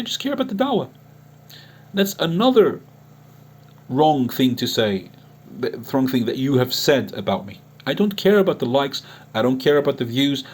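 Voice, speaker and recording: Husky, animated man preaching earnestly. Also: mid-range voice. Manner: earnest, repetitive and emotional, with frequent restarts. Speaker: online Islamic preacher and chat-room admin. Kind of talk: unscripted monologue addressed to a critic.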